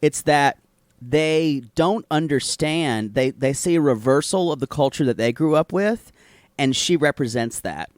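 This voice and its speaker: A man's voice: fairly high pitch, measured pace, dry recording, clean studio sound. A man co-hosting a casual podcast, chatty and teasing, who laughs often while recapping. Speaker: podcast co-host. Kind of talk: casual chat.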